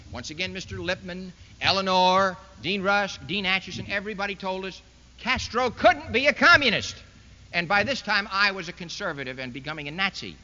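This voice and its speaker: Male public speaker, mocking and emphatic, high bright voice; vintage lo-fi hall tape. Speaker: political speaker addressing a university audience. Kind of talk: public lecture speech. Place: large university hall. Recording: dull lo-fi 1960s archival recording in an echoey hall.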